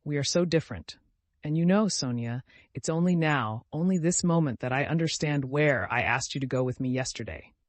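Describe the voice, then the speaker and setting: A man's voice: a little high, moderate pace, no echo, lightly acted. A man voicing a tormented young man confessing a murder, speaking in an anguished, pleading way.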